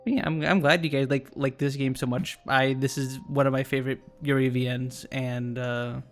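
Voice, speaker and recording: A man hosting a casual stream, easygoing and quick to laugh, often repeating words. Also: mid-range voice, level tone, faint music behind. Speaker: streamer host.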